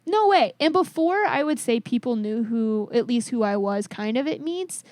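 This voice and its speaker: Animated woman coach telling stories. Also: fairly high pitch, normal speed, dry recording. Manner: animated, acts out both sides of remembered conversations, swears casually. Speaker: weightlifting coach, podcast guest. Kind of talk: casual interview storytelling.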